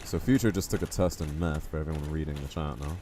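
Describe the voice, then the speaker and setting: A man's voice: extremely low pitch, quick pace, dark tone, slight background noise. A man streaming a game live, chatting casually and joking with his viewers. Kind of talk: casual live-stream chat while playing.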